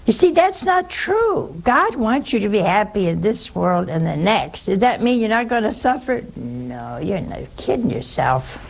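A woman's voice: medium pitch, big pitch swings, a little slow, creaky, hardly any pauses, rough recording. An older woman, a religious sister, giving a spiritual talk full of personal stories and rhetorical questions to her listeners.

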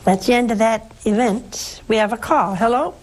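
A woman, a nun hosting a religious call-in show, teaching slowly and emphatically with rhetorical questions. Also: fairly high pitch, slight background noise, poor audio. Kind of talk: devotional teaching and call-in advice.

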